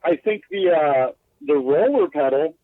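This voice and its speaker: A man's voice: on the high side, lively intonation, measured pace, dry recording. A man talking casually in a podcast interview, loose and self-deprecating with plenty of swearing and filler words, calling in from inside his bus. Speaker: guest glassblower. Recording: tinny phone line.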